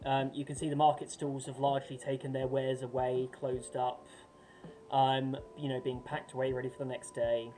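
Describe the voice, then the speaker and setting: A woman narrating a tabletop game as game master, relaxed and laughing often, with many fillers. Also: extremely low pitch, normal speed, slight background noise.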